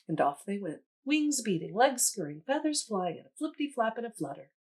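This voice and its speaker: A woman museum educator reading a children's storybook aloud in an animated, teacherly way. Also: fairly high pitch, a little fast, hardly any pauses, breathy edge.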